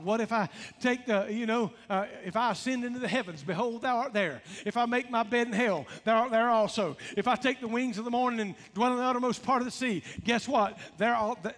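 A man with a Southern American accent preaching a sermon as pastor, often rising to shouts and stretching out his lines. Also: very high-pitched, a little fast. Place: church sanctuary. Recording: long church hall reverb.

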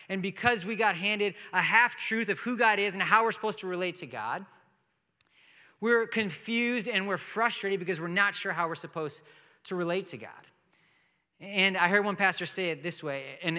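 A man's voice: sits high, sharp tone. A man in his thirties, a pastor preaching a sermon in a conversational storytelling way with light humor. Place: church sanctuary. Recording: long hall reverb.

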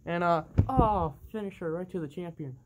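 A commentator calling a toy wrestling match with excitable bursts of oohs and laughter. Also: mid-range voice, moderate pace, background noise. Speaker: play-by-play commentator.

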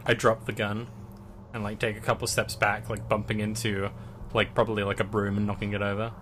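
A man playing a tabletop role-playing game, speaking calmly and matter-of-fact. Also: on the low side, fairly quick, a little hiss or hum. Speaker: player. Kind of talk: casual tabletop role-play.

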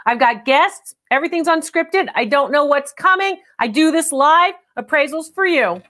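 A woman hosting a live call-in appraisal stream, talking in a brisk, chatty, direct way. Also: sits high, expressive, pushed and bright. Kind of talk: unscripted live appraisal chat.

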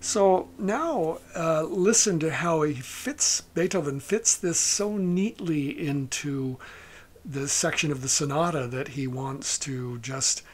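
A man giving a music lecture, speaking haltingly with many fillers and soft asides. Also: fairly high pitch, breathy edge. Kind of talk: lecture on a recording.

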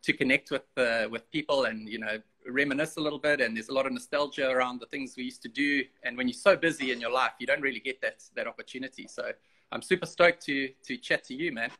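A man's voice: mid-range voice, fast, pushed and bright. A man hosting a casual interview over a video call, chatty and teasing in his banter. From South Africa. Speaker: host.

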